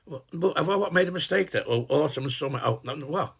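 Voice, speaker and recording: A man in his eighties playing a gruff, cheeky old working-class dad, rambling and swearing casually in a comic Christmas greeting. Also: on the high side, expressive, quick pace. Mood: jokey. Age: 80s. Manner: rambling and chatty, swears casually, trails off and restarts. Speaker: sending a personalized Christmas video greeting. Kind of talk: rambling in-character comic monologue.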